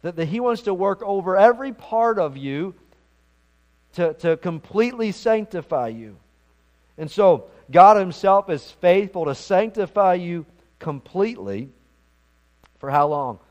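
A man's voice: sits high, animated, a little slow, a little mellow. A man preaching a sermon as pastor, earnest and emphatic, often repeating words as he goes.

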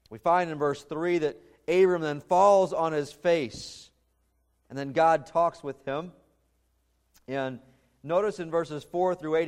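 A man delivering a sermon from the pulpit with earnest, emphatic conviction. His voice sits a little higher than most men's. He presses key points hard and sometimes restarts a phrase mid-thought. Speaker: pastor.

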